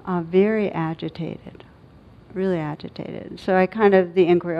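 Halting, reflective woman giving a dharma talk. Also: fairly low pitch, steady tone. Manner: reflective, halting storytelling with many fillers. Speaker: meditation teacher. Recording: dull lo-fi recording.

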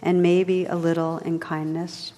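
A woman voicing a gentle, dignified enchanted noblewoman in a low, soft voice. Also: flat delivery, unhurried, long reverb tail, close to an everyday voice. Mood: tender.

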